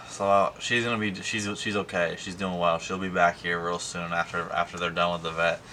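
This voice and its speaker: A man's voice: sits low, little pitch movement, normal speed, pushed and bright, slight background noise. A young man talking in a casual personal vlog, rambling and emotional, with many fillers and restarts. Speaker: vlogger.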